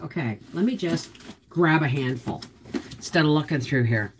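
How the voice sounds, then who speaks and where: A middle-aged woman hosting a casual vlog, rambling to herself and her viewers while digging through old photos, with sudden loud, high exclamations. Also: lively intonation, moderate pace, husky. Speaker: homestead vlogger.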